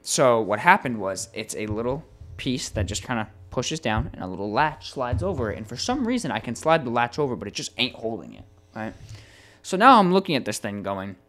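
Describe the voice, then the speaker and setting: A young adult man co-hosting a podcast, telling a long frustrating story in a casual, animated way with plenty of swearing. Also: medium pitch, fairly quick. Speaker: podcast co-host.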